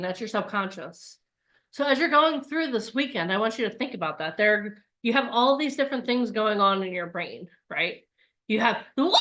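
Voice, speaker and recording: A woman in her forties, a coach giving a lively live online workshop and acting out voices. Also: a little high. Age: 40s.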